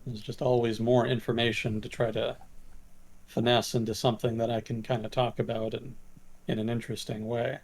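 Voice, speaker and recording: A man with a gravelly, creaky voice talks in a casual chat. He sounds hesitant and self-deprecating, often pausing mid-thought. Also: mid-range voice, little pitch movement, darkish tone. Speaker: guest commentator on news and history.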